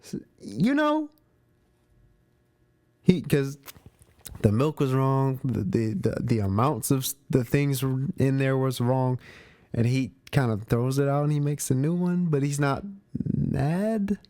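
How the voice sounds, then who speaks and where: A man's voice: mid-range voice, unhurried, mellow, no room sound. A man hosting a movie review show, chatting casually about spoilers in slang, often repeating himself and restarting his sentences.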